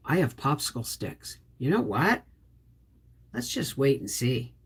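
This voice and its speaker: With a husky bass voice that swings widely in pitch, she takes her time. The middle-aged Quebec homestead host reads livestream comments in a casual chat, greeting viewers by name.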